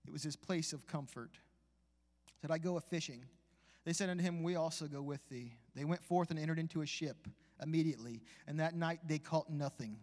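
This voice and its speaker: A man preaching a live sermon in a church, with folksy asides, building from a conversational tone to shouted exhortation. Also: a little high, a little fast. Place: church sanctuary. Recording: long church hall reverb.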